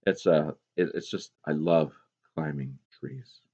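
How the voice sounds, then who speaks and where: Low-voiced man teaching a poetry lesson. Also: unhurried, husky. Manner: chatty, expressive read-aloud with repetition. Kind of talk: classroom lesson with poem readings. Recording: dull lo-fi recording.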